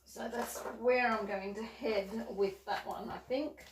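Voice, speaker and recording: A woman speaks a little slowly, with a medium-pitched, fairly even voice, while chatting casually about her cross-stitch work in a show-and-tell. She rambles, fixes her own wording and fills gaps with fillers; the audio is roomy and distant, with slight background noise.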